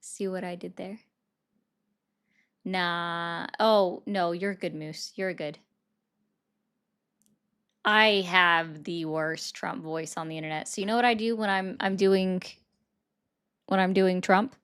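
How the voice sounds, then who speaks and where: A woman's voice: fairly low pitch, steady tone, takes it slowly, long pauses, fairly bright tone, smooth. A woman in the middle of a political livestream, chatting loosely with her viewers and answering their comments. She talks in a sarcastic, offhand way, dropping dry jabs as she reacts to the chat.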